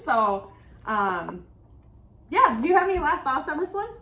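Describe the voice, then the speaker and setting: A woman co-hosting a book podcast, talking casually and getting animated and exasperated, with lots of "like". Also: high voice, a little slow. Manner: animated, exasperated ranting with frequent "like". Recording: roomy echo.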